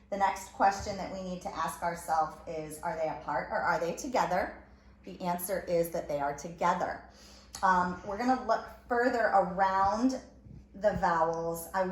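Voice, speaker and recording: Slow, deliberate woman teacher sounding out words. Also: lowish voice. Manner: slow and deliberate, sounding out letters and word parts. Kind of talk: recorded phonics lesson for students. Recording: echoey room with faint ambient noise.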